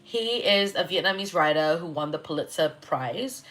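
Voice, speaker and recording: A woman's voice: fairly low pitch, lively intonation, moderate pace, fairly bright tone. A young woman, an astrologer chatting loosely on a livestream, giggly, swearing and reacting to viewer comments. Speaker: astrologer hosting a live reading. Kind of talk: casual livestream chat.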